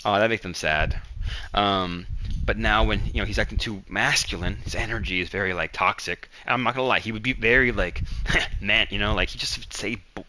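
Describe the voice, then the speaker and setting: Rambling man with a bright, low voice. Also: a little hiss or hum, poor audio. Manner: rambling, gossipy, quick to act out coworkers. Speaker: livestream host. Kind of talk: casual storytelling chat.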